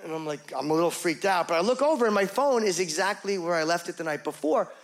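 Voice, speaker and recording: On a comedy stage in front of a live crowd, a man with a high, lively voice speaks fast. He pokes fun at himself in a confessional set, slipping into put-on voices to act out dialogue.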